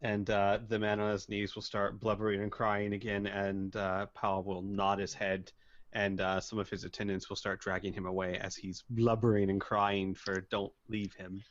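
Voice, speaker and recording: A man narrating a tabletop role-playing game as game master, speaking in a slow, measured way and voicing characters. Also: lowish voice, completely flat delivery. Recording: muffled lo-fi voice chat.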